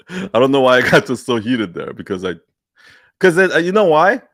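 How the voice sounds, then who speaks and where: A man's voice: mid-range voice, sing-song, moderate pace, a bit bright, no echo, clean studio sound. A man hosting a live Q&A, giving a blunt, profane, fired-up pep talk and mocking people's excuses in whiny put-on quotes. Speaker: host of a live Q&A. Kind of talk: unscripted livestream pep talk.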